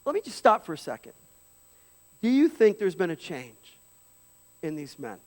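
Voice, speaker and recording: High-voiced preacher in an echoing church. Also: male voice, normal speed. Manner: conversational preaching with animated, dramatized quotes. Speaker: pastor. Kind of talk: sermon. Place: church sanctuary.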